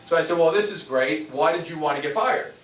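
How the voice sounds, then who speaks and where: Heard from a distance in an echoey room with faint hiss, a man teaches a live spiritual seminar in a conversational style, peppering the audience with rhetorical questions. He talks briskly in a fairly high, fairly bright voice.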